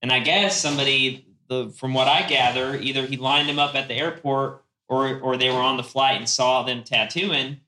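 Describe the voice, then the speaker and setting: A man's voice: mid-range voice, steady tone, moderate pace, hardly any pauses, pushed and bright, roomy sound, low-quality recording. A man co-hosting a casual podcast, telling a story in a laid-back way and saying "dude" a lot. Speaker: podcast co-host, tattooer. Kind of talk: casual chat.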